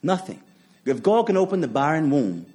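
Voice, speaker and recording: A man's voice: fairly high pitch, sing-song, moderate pace, darkish tone. A man preaching a sermon, repeating his points with emphasis, asking rhetorical questions and sharing personal stories with chuckling asides.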